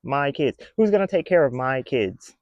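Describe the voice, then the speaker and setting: A man's voice: mid-range voice, animated, moderate pace, dry recording, highs cut off, lightly acted. A man putting on the voice of a whiny, self-pitying mother of many kids, complaining. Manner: whining, complaining.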